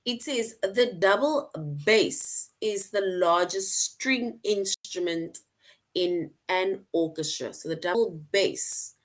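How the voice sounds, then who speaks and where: A woman teacher explaining a lesson slowly, repeating points and checking in with "right?" often. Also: medium pitch. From outside the US. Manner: slow, repetitive explaining, frequent "right?" check-ins. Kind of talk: online class lesson.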